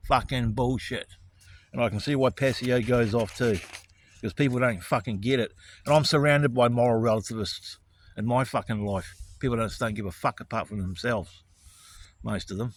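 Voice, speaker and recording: A man delivers a heated, expletive-laden rant straight to his audience. His voice sits at an ordinary pitch and swings between muttered resignation and flaring anger. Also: normal speed. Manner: angry, profane, righteous indignation. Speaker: vlogger. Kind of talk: ranting monologue to camera.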